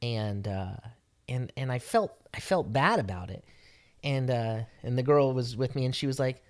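A man co-hosting a podcast tells stories animatedly in casual chat, acting out quotes. His voice is medium in pitch and his speed normal.

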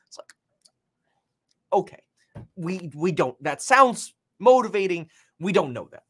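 A man with a fairly high voice talks through the news in a loose, casual commentary. He rambles, stumbling through fillers and restarts as he reacts. The delivery is unscripted and conversational. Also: big pitch swings, a little slow, pauses often, a bit bright, breathy edge. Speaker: finance commentator.

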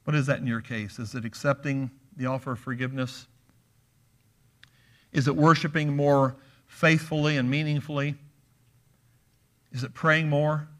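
A male preacher with a bright, forward tone delivers an earnest, emphatic sermon in a church, posing question after question to the congregation. His voice sits in a middle register. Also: mid-range voice. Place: church sanctuary.

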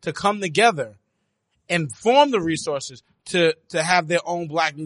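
Male podcast co-host, high bright voice, presses his point. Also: expressive, measured pace. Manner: insistent, keeps pressing his point over interruptions. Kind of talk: casual debate chat.

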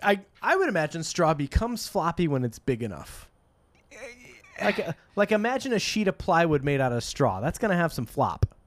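A man's voice: on the high side, sing-song, moderate pace. A man hosting a podcast who reads passages aloud and cracks dry jokes between them, chuckling often. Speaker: podcast host. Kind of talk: casual comedic book reading and discussion.

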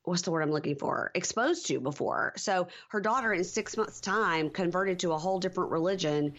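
A woman's voice: fairly low pitch, brisk, a bit bright. A woman in her forties co-hosting a podcast, casually retelling TV scenes and acting out the quotes. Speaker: podcast co-host. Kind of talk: casual TV recap chat. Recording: dull lo-fi audio.

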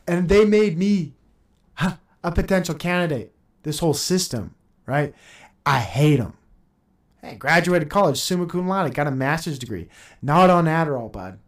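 A man's voice: a little high, lively intonation, moderate pace. Podcast host in his thirties, swearing and sarcastic, solo rant, voice swings up and down. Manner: heated, profane, sarcastic; laughs between points. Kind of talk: ranting solo podcast monologue.

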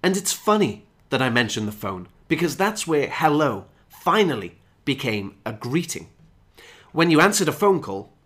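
Man, English teacher, animated pitch, clear explanatory delivery. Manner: clear explanatory delivery, acts out example phrases. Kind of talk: scripted podcast lesson.

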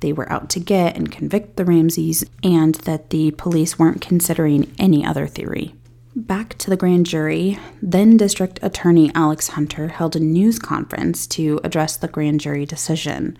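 Mellow, low-voiced woman narrating a podcast. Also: steady tone, creaky. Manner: measured reading with candid personal asides. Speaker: podcast host. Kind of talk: scripted true-crime narration.

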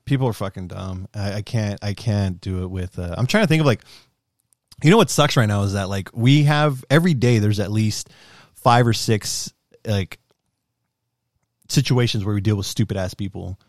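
A man's voice: on the low side, normal speed, no room sound, studio quality. A young man co-hosting a casual podcast, swearing a lot and laughing often. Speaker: podcast co-host. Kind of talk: casual chat.

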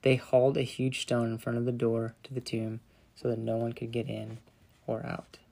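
A man narrating a children's Bible story with gentle, dramatic storytelling that softens in solemn moments. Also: mid-range voice, completely flat delivery, moderate pace, vocal fry.

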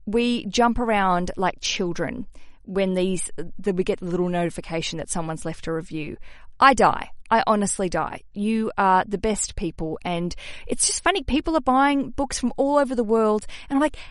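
A young adult woman hosting a podcast, chatty and animated with self-deprecating asides. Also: medium pitch, moderate pace, no echo, clean studio sound. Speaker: podcast host. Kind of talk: casual podcast talk.

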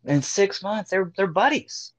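A man's voice: high-pitched, unhurried, no room sound. A man casually telling a story, swearing freely and acting out what people said. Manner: profane, animated storyteller acting out quotes. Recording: dull, dry lo-fi sound.

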